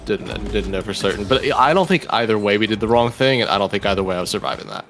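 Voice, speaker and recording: A man's voice: on the low side, fast talker, fairly bright tone, a little hiss or hum. A man in casual gaming chat, easygoing and rambling as he explains his play. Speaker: gamer reviewing his own play.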